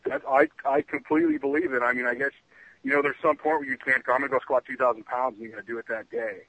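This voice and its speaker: A man speaking as a guest on a talk show, earnest and confident, with music clearly mixed under his voice. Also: mid-range voice, lively intonation, quick pace, bright, forceful tone, no echo, rough recording. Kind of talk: interview chat.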